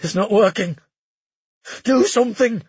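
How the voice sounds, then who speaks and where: A man voicing a grief-crazed young prince who shouts demands and pleas. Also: mid-range voice, normal speed, slightly rough, no room sound, highs cut off. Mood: desperate shouting.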